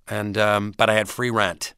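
A man's voice: fairly low pitch, level tone, moderate pace, creaky, sharp tone, clear, resonant tone, no room sound. A man guest in a casual interview, telling rambling, vivid stories with a studio microphone.

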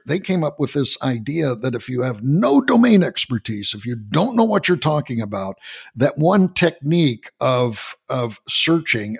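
A man hosting a podcast interview, explaining in a halting way and often restarting and repeating words. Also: mid-range voice, vocal fry, slightly rough. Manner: storytelling, earnest explaining. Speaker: podcast host.

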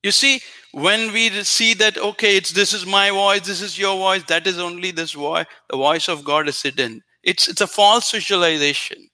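This is a man giving a spiritual talk. His voice sits high for a man and sounds very bright and sharp. He teaches earnestly and repeats his points for emphasis. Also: fairly even intonation, normal speed.

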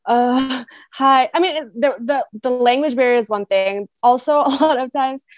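Chatty young American woman, fairly high. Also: moderate pace, a little mellow, dry recording. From United States (Michigan). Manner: chatty, acts out quotes, laughs often. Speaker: podcast guest. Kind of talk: casual interview chat.

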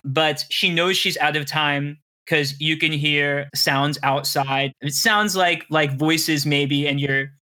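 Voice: medium pitch, fairly even intonation, slow, few pauses, pushed and bright. A game master narrating a tabletop role-playing game in a chatty, rambling way. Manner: chatty, laughs often, rambles.

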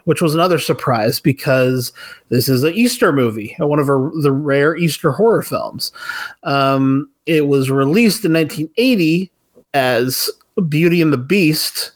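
A man's voice: fairly high pitch, unhurried. A man from the western United States hosting a podcast, chatting casually and enthusiastically about a horror film with frequent chuckles. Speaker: podcast host. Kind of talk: casual film review chat.

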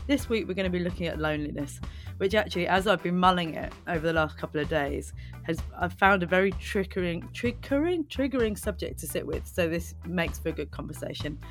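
A woman's voice: lowish voice, quick pace, soft background music. Chatty woman podcast host. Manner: chatty, self-deprecating, rambling. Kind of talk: casual podcast conversation.

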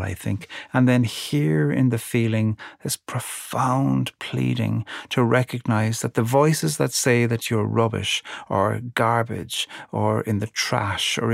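A man hosting a podcast, reading a poem slowly and then reflecting on it in a measured, contemplative way. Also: medium pitch, gravelly, no room sound, studio quality. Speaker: podcast host. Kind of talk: poetry reading and reflective commentary.

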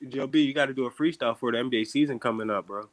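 A man's voice: mid-range voice, rapid-fire. A man appearing as a guest on a sports podcast, chatting playfully and laughing. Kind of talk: casual chat.

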